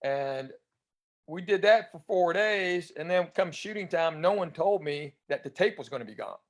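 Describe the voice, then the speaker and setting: A man's voice: on the high side, expressive, moderate pace. A man in his fifties from East Tennessee with a Southern accent, telling chatty anecdotes as a guest comedian and enunciating his drawl. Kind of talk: casual storytelling interview.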